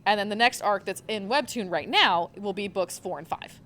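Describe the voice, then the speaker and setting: A woman's voice: mid-range voice, moderate pace, fairly bright tone. Gushing young woman on a panel. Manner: gushing, rambling with fillers. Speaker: manga librarian panelist. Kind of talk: live convention panel talk.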